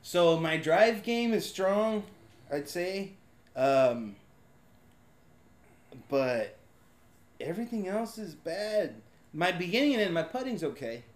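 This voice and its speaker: A man joins a podcast as a guest and trades self-mocking jokes in casual banter. His voice is pitched fairly high for a man and swings widely up and down. The recording has a clear, roomy echo. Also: big pitch swings, slow, long pauses.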